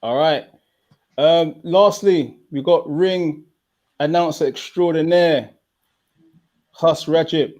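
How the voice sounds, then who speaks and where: A man's voice: a little high, takes it slowly, long pauses, darkish tone. Hyped young man hosting a watchalong. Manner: hyped, banter-filled. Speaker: host. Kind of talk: casual live watchalong chat.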